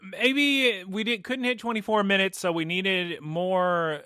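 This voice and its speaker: A man's voice: sits high, fairly even intonation, unhurried, bright, forceful tone, smooth, no echo, clean studio sound. A man hosting a podcast in casual chat, playful and joking as he leads the recap. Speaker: podcast host.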